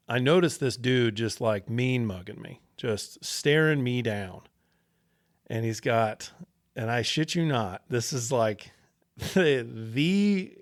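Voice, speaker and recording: A podcast host telling a personal story, casual and animated, with steady swearing. His voice sits at an ordinary male pitch, and the sound is dry, close and free of echo.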